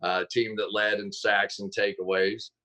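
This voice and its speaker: A man telling stories as a guest on a video call, animated and quick to correct himself mid-sentence. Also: fairly low pitch, rough recording. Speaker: guest, football analyst. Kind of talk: casual interview chat.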